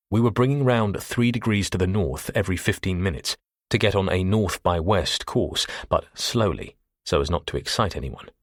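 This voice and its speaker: A man reads a first-person thriller audiobook in a measured, steady voice. His tone is low and slightly husky. The sound is close and dry, with no room around it. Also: no room sound. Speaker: audiobook narrator.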